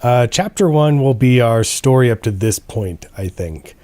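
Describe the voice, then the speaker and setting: A man's voice: medium pitch, animated, measured pace, darkish tone. A man hosting a co-op let's play, chatting casually in a hesitant, filler-heavy way. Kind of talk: casual co-op gaming chat.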